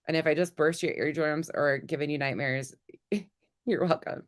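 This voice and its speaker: A woman hosting a casual commentary stream, blunt and sarcastic, sounding a little sick, with a lower voice than usual. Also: steady tone, moderate pace. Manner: blunt, sarcastic, laughs at her own jokes. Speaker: commentary host.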